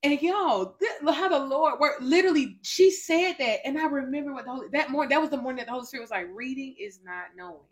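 A woman co-hosting a casual faith podcast, talking in an animated, testifying way with quick interjections. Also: high-pitched. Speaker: podcast co-host.

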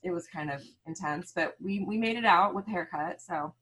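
A middle-aged woman from the American Midwest, telling stories as a guest in a casual interview with restarts and quick laughs. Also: lowish voice, husky, low-quality recording. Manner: animated storytelling, frequent restarts and laughs.

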